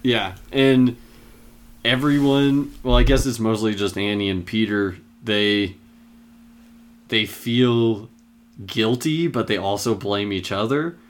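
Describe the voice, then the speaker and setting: A man casually retelling film scenes in a relaxed chat, with many fillers. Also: on the low side, slow pace.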